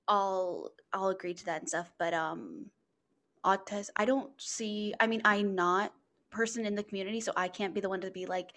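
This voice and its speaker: A woman's voice: medium pitch, normal speed, fairly bright tone. A young adult woman co-hosting a casual book-club podcast, rambling with lots of fillers like "like" and "and stuff". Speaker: podcast co-host.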